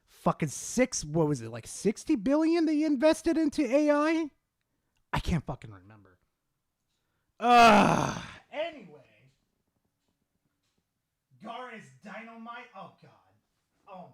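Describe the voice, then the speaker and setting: A man chatting on a livestream in a high voice that leaps all over the place. He reacts to chat with constant profanity, dropping to mutters and then bursting into yells. His delivery is excitable and restless. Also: moderate pace. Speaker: streamer reading live chat.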